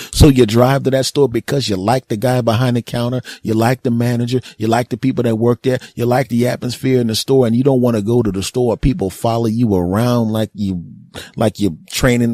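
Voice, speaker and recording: A man's voice: mid-range voice, no echo. A man hosting a podcast, telling a rambling, exasperated comic story as a solo monologue. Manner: rambling, animated, exasperated ranting. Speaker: podcast host. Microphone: close podcast mic.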